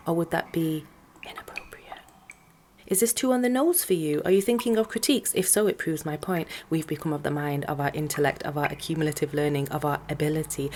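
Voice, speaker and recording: A woman performing spoken-word poetry over music, with a measured, sardonic, questioning delivery. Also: deep voice, darkish tone, slight background noise. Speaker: rapper and spoken-word artist.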